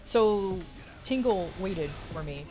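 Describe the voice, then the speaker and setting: A woman's voice: medium pitch, slow pace, soft background music. A woman streamer casually telling a story, swearing freely and acting out quotes. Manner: animated, profane, acts out quotes.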